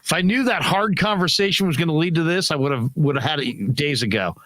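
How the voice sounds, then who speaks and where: Higher-pitched man hosting sports talk. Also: fast, no echo. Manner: animated, repeats himself. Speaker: host. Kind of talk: casual sports chat.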